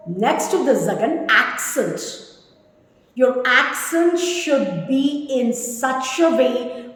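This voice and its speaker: A woman in her fifties gives an English lesson, slow and deliberate, her pitch rising and falling with lively emphasis. She repeats key words for her students, and her voice rings through a room with a long, hall-like echo. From India. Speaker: English teacher. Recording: echoey room with long reverb.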